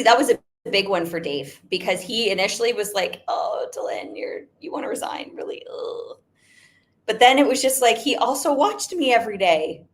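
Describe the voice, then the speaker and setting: A young adult woman giving an emphatic motivational talk, repeating her points and using "like" often. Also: mid-range voice. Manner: emphatic, repetitive, frequent "like". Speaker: network marketing business owner.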